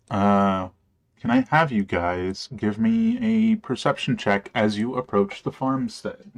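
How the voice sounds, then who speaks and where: A man running a tabletop game as game master, casual and relaxed, often opening with "alrighty". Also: on the low side.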